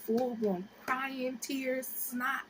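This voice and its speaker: Twenty-something woman vlogging, expressive and crude, fairly high voice, steady background noise. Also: extremely slow, poor audio. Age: 20s. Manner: animated and profane, dropping to whispers and rising to shrieks. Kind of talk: casual storytelling vlog.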